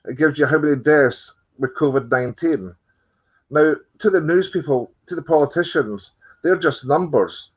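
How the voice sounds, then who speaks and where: A Scottish man speaking as an interview guest, his voice a touch high for a man. He tells his story earnestly, padding it with ums and slipping in dry jokes. The call sound is dull and lo-fi. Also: moderate pace, slightly rough. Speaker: guest film producer. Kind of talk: casual interview chat.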